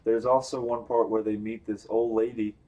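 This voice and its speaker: A young man chatting casually on a movie review podcast, animated, acting out lines he quotes. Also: on the low side, moderate pace, dull audio. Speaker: podcast host.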